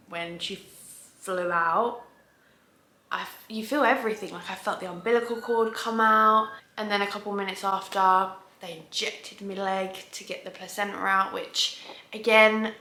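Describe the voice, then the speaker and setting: A woman's voice: medium pitch, unhurried, bright, forceful tone, slight background noise. Chatty woman vlogger in a roomy space. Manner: chatty, rambling, with restarts. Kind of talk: casual storytelling to camera. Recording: roomy echo.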